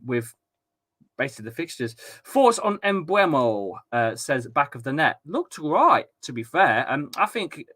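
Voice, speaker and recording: A man's voice: medium pitch, a bit bright. A young Englishman hosting a football fan watchalong, reading out chat comments in a jokey, rambling way and often repeating himself. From England. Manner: chatty, jokey, repeats himself and stumbles on words. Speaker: host of a fan watchalong stream. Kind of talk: casual live-stream chat reading comments.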